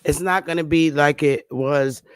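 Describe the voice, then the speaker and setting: A woman's voice: low-pitched, unhurried. Woman moderator, firm and no-nonsense, faint hiss on the line.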